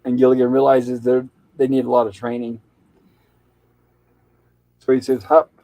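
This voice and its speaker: A man's voice: medium pitch, monotone, moderate pace, dark tone, no room sound, low-quality recording. A man casually retelling a TV episode scene by scene as a podcast co-host, quoting its lines in his own plain voice.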